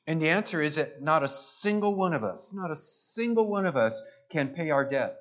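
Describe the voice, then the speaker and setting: Preacher guy giving a sermon, pushes hard on key words then drops low, kinda high voice. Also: expressive, moderate pace, hardly any pauses, fairly bright tone. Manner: emphatic, rising and falling for stress; repeats phrases for emphasis.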